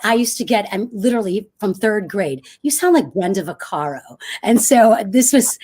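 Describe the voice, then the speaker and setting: A woman in her fifties with a low, smoky voice, speaking as an author guest on a video call, telling her story fluently and with energy. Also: animated, normal speed, a little mellow, breathy edge. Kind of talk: conversational interview.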